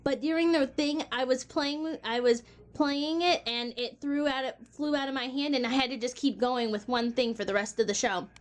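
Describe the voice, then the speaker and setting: A woman's voice: sits high, steady tone, normal speed. A woman in her twenties talking casually to the camera in a vlog, chatty and exasperated, laughing between lines. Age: 20s. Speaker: vlogger.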